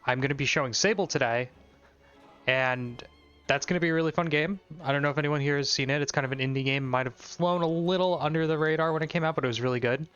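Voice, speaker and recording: A man's voice: fairly high pitch, quick pace, fairly bright tone, clear, resonant tone. A young man chatting casually as he streams and plays an indie game. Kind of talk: casual gameplay commentary. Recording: slightly muffled mic with faint music.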